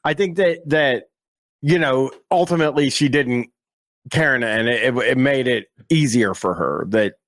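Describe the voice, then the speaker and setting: A man co-hosting a podcast in casual chat, reacting and joking in an animated way. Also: medium pitch, normal speed, no room sound. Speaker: podcast co-host.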